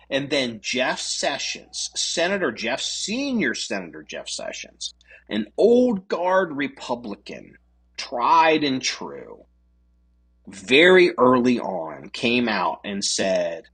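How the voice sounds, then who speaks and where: Man, podcast co-host, casual political chat, profane, lively intonation, husky voice. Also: medium pitch, slow. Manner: profane, animated, mocking voices of others.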